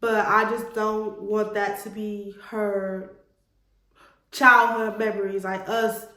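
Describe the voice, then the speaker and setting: A woman's voice: mid-range voice, flat delivery, takes it slowly, pushed and bright, roomy sound. A woman, telling a personal story to camera in an earnest, emotional way and addressing viewers as y'all. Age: 20s. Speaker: vlogger.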